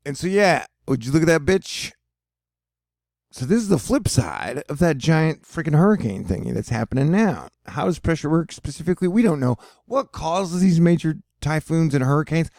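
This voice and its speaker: Rambling profanely over weather maps, a male weather and space video host jokes around and loses his thread in his own video. His voice runs on the high side, expressive and darkish, at a normal speed. It's a dry, studio-quality recording.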